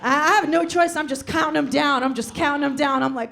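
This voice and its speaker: High-voiced woman telling a wild story. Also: a little fast, vocal fry, hardly any pauses, a crowd in the background, noisy background. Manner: animated, laughing, shouting put-on voices. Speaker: stand-up comedian. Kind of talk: stand-up storytelling.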